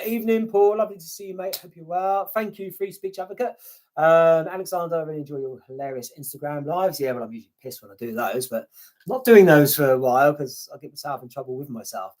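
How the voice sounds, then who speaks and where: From his home in the United Kingdom, a British man who runs a YouTube grave-visiting channel hosts a casual live stream, reading viewer comments aloud. His fairly high, slightly mellow voice stays chatty and self-deprecating, with casual swearing.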